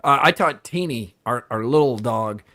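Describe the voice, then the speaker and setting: A man's voice: mid-range voice, expressive, moderate pace. Easygoing male sports talk host. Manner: easygoing, opinionated, drifts quieter at sentence ends.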